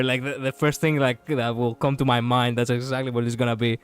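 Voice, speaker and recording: A man streaming a video game and chatting casually about it, swearing and reacting as he plays. His voice is of ordinary pitch. Faint game music plays under his talk. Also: level tone, a little fast, hardly any pauses.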